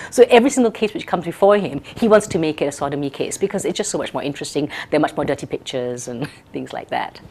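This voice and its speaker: A woman's voice: deep voice, fast, hardly any pauses, a little mellow, a little hiss or hum. A woman from Malaysia, a performer chatting casually in an interview and laughing often.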